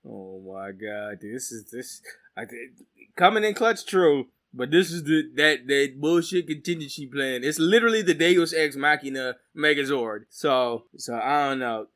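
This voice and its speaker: A man chatting casually as co-host about a show, animated and quick to laugh. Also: on the high side. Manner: animated, laughing, loud bursts when joking. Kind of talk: casual chat.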